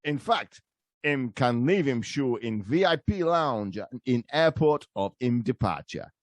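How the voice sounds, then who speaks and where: A man putting on a patois voice as a male radio ad announcer with a slow, drawling sales pitch. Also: lively intonation, dry recording, close to an everyday voice. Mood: mock salesy.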